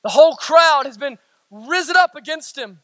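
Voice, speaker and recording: Southern US pastor, man, very high bright voice, sermon that surges to shouts and drops to hushes. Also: lively intonation, moderate pace, no room sound. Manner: dramatic swings from shouting to hushed near-whispers.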